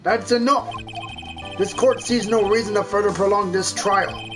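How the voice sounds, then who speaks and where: A woman's voice: medium pitch, fairly even intonation, moderate pace, over music, pitched above the performer's own voice, close to an everyday voice. A woman doing a stern old male judge. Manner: formal, pronouncing rulings.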